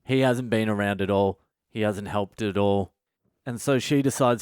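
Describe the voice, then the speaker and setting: A man's voice: fairly low pitch, moderate pace, darkish tone, smooth, dry recording. Man, comedian host, foul-mouthed, sarcastic, dry recording. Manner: profane, blunt storytelling with sarcastic asides. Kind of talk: casual solo storytelling podcast. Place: at home at night.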